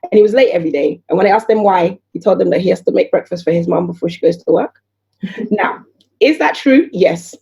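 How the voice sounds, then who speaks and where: Fast-talking mellow woman. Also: lowish voice, creaky. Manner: animated, rhetorical questions, acts out voices of others. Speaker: guest entrepreneur. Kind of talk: casual podcast conversation.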